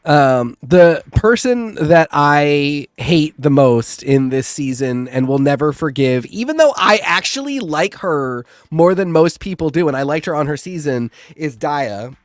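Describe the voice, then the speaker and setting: A man co-hosting a podcast who talks quickly and rants animatedly in casual chat. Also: fairly high pitch, animated, no echo, clean studio sound, faint music behind. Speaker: podcast co-host.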